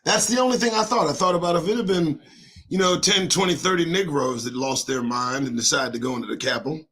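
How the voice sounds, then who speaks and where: A middle-aged man hosting his own show, ranting in a rhyming monologue with sudden shouts and swearing. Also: fairly high pitch, fast talker. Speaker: host of a daily online show.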